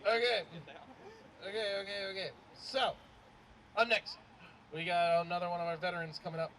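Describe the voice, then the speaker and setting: A man's voice: high-pitched, level tone, moderate pace, fairly bright tone, a little hiss or hum. A young man hosting a comedy show outdoors, hyped and loose as he introduces the comedians. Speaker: emcee. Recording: outdoor recording with crowd.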